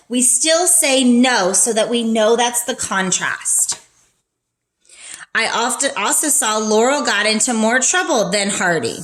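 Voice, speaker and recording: A woman's voice: fairly high pitch, fairly bright tone. A woman teacher giving a patient, encouraging reading lesson for young children, explaining each step as she goes.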